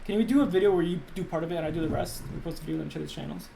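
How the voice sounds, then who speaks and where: A man's voice: fairly high pitch, rapid-fire, gravelly, mellow, a little hiss or hum. A young man in his twenties chatting casually with his viewers on a live stream, rambling with many restarts. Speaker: YouTube animator and voice actor.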